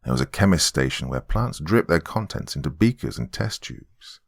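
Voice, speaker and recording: Very deep-voiced man narrating horror. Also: expressive, normal speed. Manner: dramatic first-person storytelling. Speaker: horror podcast host and narrator.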